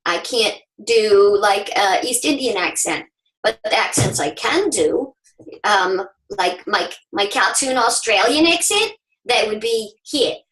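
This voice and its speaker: A woman voice actress from Southern California, upbeat, explaining her craft and jumping into quick voice demos in a casual webinar. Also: medium pitch, expressive, fairly bright tone. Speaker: voice actress and guest. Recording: roomy webinar audio.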